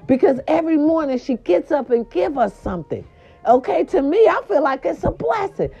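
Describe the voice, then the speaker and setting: A woman hosting a casual celebrity gossip show, loud, animated, swooping and profane. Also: high voice, moderate pace, vocal fry. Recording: dull lo-fi sound.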